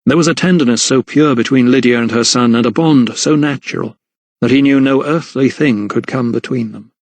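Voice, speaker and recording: A man's voice: mid-range voice, fairly quick, dry recording. Man reading a historical audiobook. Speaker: audiobook narrator. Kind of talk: scripted narration.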